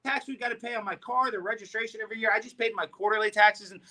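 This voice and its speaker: Bright, brash man ranting loudly. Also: sits high, steady tone. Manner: rapid, brash, loud. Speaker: guest commentator. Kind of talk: brash comedic rant.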